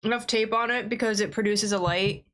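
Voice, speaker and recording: A woman's voice: medium pitch, steady tone, a little fast, a bit bright. A woman gaming livestreamer chatting casually at her desk, talking bluntly and swearing freely while she plays.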